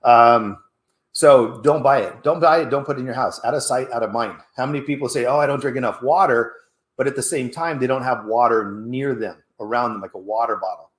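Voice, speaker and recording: A man hosting a fitness show, giving coaching tips in a casual, animated way and acting out little exchanges in a higher voice. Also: reverberant. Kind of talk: motivational casual talk.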